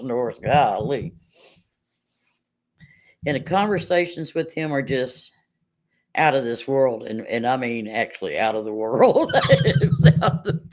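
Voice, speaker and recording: A woman, chatting casually on a livestream, rambling and laughing often. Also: a bass voice. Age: 50s. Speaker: livestream host.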